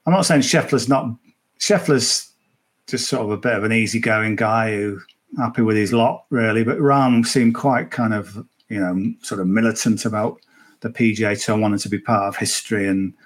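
A man's voice: lowish voice, fairly even intonation, normal speed. Chatty man tipping golf bets. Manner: chatty, rambling with restarts. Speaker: golf betting tipster. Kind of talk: casual podcast chat.

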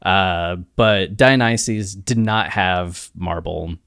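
A male podcast co-host in casual chat, spinning a story in a playful, rambling way. His voice sits on the low side. The sound is dry and close to the mic. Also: takes it slowly, creaky, a bit bright, clear, resonant tone, no room sound.

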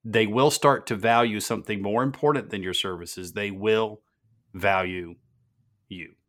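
A man's voice: fairly low pitch, steady tone, a little slow, a bit bright. A man hosting a business podcast, telling stories earnestly and repeating words for emphasis. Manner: earnest storytelling, emphatic repetition. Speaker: podcast host.

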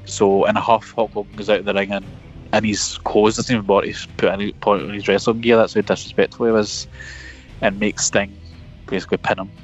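A man's voice: on the low side, flat delivery, fairly quick, soft background music. Male podcast co-host, self-mocking and sweary, dull remote-call sound. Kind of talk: casual chat. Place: parked car.

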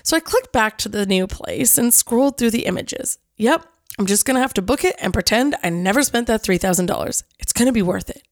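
A woman in her forties, a podcast host, telling a personal story in a playful, animated scripted narration. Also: on the high side, brisk, no echo, studio quality. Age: 40s.

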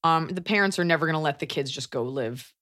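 A woman's voice: low-pitched, fast talker, a bit bright. A woman hosting a podcast, giving advice in a joking, rambling, casual way. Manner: joking, rambling, playful asides. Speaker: podcast host. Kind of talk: casual comedic chat.

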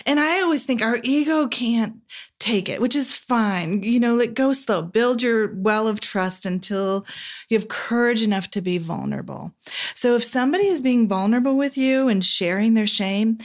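A woman's voice: a little high, lively intonation, normal speed. A woman therapist as a guest in a conversation, speaking reflectively and often checking in with "right?". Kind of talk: casual podcast conversation.

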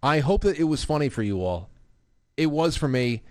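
A man in his thirties hosting a casual live show, reading viewer comments aloud in an animated way. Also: moderate pace, no echo, studio quality. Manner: animated, puts on a high child's voice when quoting his daughter. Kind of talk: casual live-stream chat.

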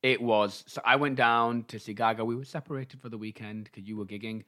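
A man's voice: lowish voice, fairly even intonation, a little fast, bright, forceful tone. A man in his thirties with an English accent, co-hosting a podcast in casual, camp chat with frequent swearing. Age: 30s. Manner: chatty, camp, swears freely. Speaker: podcast co-host.

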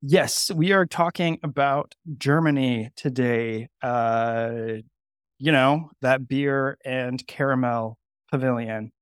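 A man's voice: medium pitch, slow pace, clear, resonant tone, no echo, studio quality. A man co-hosting a podcast in casual chat, eager and rambling with lots of fillers. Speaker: podcast co-host.

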